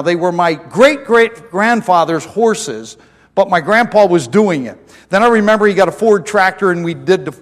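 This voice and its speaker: A middle-aged male pastor preaching a sermon in a church, telling homespun stories and asking the congregation questions. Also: high voice. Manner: folksy storytelling preacher, asks the congregation questions. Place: church sanctuary. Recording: long hall reverb.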